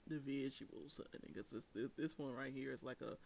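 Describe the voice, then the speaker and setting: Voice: medium pitch, creaky, a little hiss or hum. Chatty laughing recap host. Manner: chatty, laughing, drawn-out asides, calls listeners honey. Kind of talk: casual reality TV commentary.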